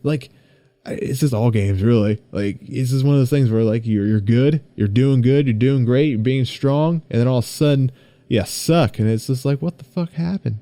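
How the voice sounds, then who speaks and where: A young man hosting his own podcast, chatting casually and excitably, rambling and swearing freely. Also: mid-range voice, moderate pace, no echo. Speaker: podcast host. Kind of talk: casual solo podcast chat.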